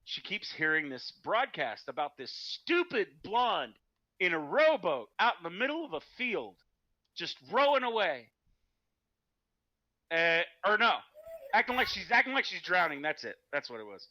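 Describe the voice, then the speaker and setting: A man telling jokes at a tabletop game, animated and quick to laugh. His voice sits a little high, bright and forceful, with lively swings in pitch. The recording is dry and slightly dull. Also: no room sound. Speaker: player. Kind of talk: casual chat, joke telling.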